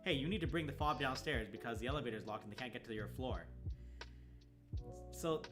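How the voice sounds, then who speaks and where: A man in a casual stream chat, telling a long story with lively, put-on quotes. His voice sits at an ordinary middle pitch. Music plays clearly behind him. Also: brisk. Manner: animated, acts out the other people's lines in his story.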